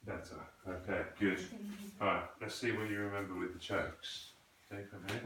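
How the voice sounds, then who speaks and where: Low-voiced male krav maga instructor, echoey. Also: fairly even intonation, normal speed, fairly bright tone, slight background noise. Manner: patient, corrective, asks the student questions. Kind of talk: coaching a student in a class. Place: training hall. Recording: echoey room, voice from a distance.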